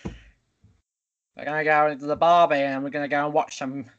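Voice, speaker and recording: A boisterous mock Irish-Australian bloke, as a young man puts him on, pitched high and cheerful. His mixed accent is played for laughs. The sound comes over a video call. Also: flat delivery, extremely slow, pushed and bright, clean tone, lo-fi sound, exaggerated voice. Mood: cheery. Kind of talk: student podcast chat.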